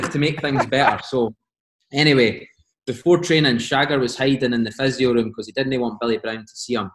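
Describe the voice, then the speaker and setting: A man with a Scottish accent telling animated stories as a podcast guest, laughing often and quoting teammates. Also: mid-range voice, fairly quick, echoey room. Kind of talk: casual storytelling.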